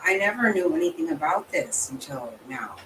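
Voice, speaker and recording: A woman's voice: sits low, animated, normal speed, fairly bright tone, slight background noise, poor audio. A woman reacting in casual chat, blunt and outraged, swearing freely. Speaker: channel host reacting to a livestream guest.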